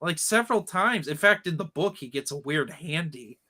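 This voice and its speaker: A man with a bright, fairly high voice talks in a loose, opinionated way, wandering into asides as he chats with friends. His delivery is casual and rambling, like a host leading a book club talk. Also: animated, moderate pace. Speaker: podcast host. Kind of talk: casual chat.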